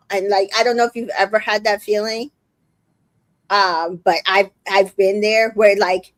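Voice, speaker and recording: In a dry recording, a female recap podcast host walks through scenes conversationally, quoting what people said, swearing openly and using many filler words. Her mid-range voice is expressive, and her delivery is a little slow.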